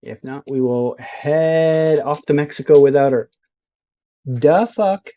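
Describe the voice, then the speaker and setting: Slow-talking joking male streamer, lo-fi mic. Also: fairly high pitch. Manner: joking, self-mocking, sounds out signs slowly. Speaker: streamer playing a geography game. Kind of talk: casual live-stream commentary.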